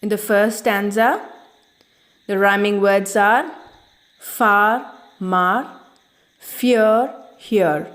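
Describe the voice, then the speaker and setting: Slow, measured woman teacher. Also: medium pitch, fairly even intonation, a bit bright. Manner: slow, measured classroom reading. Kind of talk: reading and explaining a poem to children.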